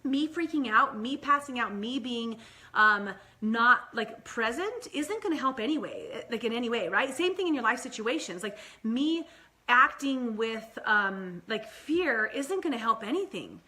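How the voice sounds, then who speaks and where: Talking straight to camera, this young mother and vlog host keeps things chatty, leaning on "like" and "right?" as her speed swings from quick to slow. She's slightly high-pitched, animated, with a sharp edge to her tone.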